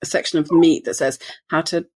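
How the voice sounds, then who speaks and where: A woman's voice: low-pitched, steady tone, a little fast, dark tone, husky. A woman co-hosting a cookbook podcast, joking bluntly in casual chat. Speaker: podcast co-host.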